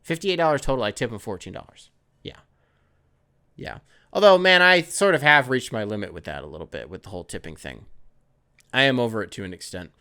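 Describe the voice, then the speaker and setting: A man's voice: mid-range voice, expressive, brisk, gravelly, long pauses, bright, forceful tone, clear, resonant tone. A young man hosting a podcast, talking in a rambling, profane, conversational way from the United States. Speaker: podcast host. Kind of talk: casual podcast monologue.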